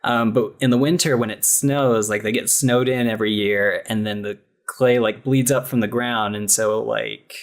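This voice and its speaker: A podcast co-host recapping a film in casual chat, relaxed and agreeable. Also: mid-range voice, moderate pace, few pauses. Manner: relaxed, agreeable, lots of backchannel.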